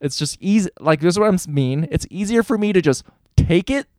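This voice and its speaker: A man's voice: sits high, lively intonation, fairly quick, darkish tone, dry recording, studio quality. A young man co-hosting a casual podcast, telling a candid story with frequent swearing. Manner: candid, profane storytelling, voices for quoted people. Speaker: podcast co-host.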